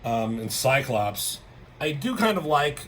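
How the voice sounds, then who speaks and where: A man's voice: mid-range voice, sing-song, a little slow, a bit bright, slight background noise, rough recording. A young man casually reviewing a comic book, chatty, swearing freely and jumping his voice up to act out character lines. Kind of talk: casual chat.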